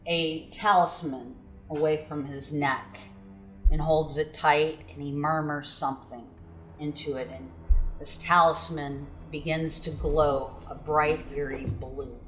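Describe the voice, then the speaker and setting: A woman runs a tabletop game, narrating scenes in a low, slow, measured voice. The room is echoey. Faint music plays underneath. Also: fairly even intonation. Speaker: game master.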